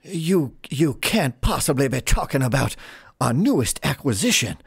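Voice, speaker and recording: A man's voice: mid-range voice, big pitch swings, moderate pace, creaky, husky, pitched above the performer's own voice, exaggerated voice. A man voicing an indignant male circus ringmaster in a tabletop game.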